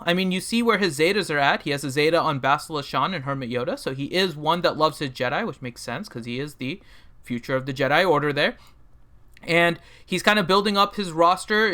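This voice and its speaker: A man's voice: on the high side, bright, forceful tone. A man hosting a casual gaming livestream, joking and rambling with plenty of fillers as he introduces people and reviews a game roster.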